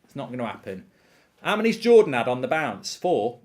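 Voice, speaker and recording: A man's voice: medium pitch, sing-song, a little fast, darkish tone. A man hosting a live football watchalong, ranting animatedly and swearing freely while telling an anecdote. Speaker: host.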